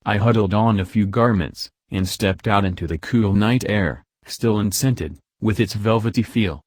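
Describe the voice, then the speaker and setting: A man reading a novel aloud as an audiobook narrator, measured and even, on a close mic. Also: fairly low pitch, no echo. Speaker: audiobook reader.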